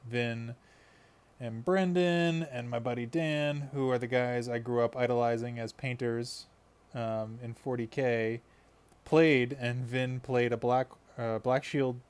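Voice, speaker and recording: A man's voice: medium pitch, smooth. A man chatting casually on a live stream while he paints miniatures, rambling and laughing often.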